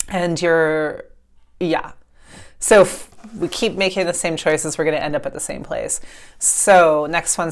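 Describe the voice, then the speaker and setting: A woman with a deep, low voice talks her viewers through a tarot reading in an easy, casual way. She is blunt and plain-spoken, and doesn't mind a curse word. When she reads a passage aloud, she slows into a calm, measured delivery. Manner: blunt and frank, swears casually. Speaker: tarot reader. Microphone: clip-on mic.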